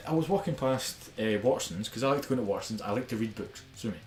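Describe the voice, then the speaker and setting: A man's voice: medium pitch, expressive, quick pace, darkish tone, soft background music. A young man with a Scottish accent picked up from Glasgow, a podcast co-host ranting in casual, sweary talk. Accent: Scottish, Glaswegian-tinged. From Scotland. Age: young adult. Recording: echoey room with faint background noise.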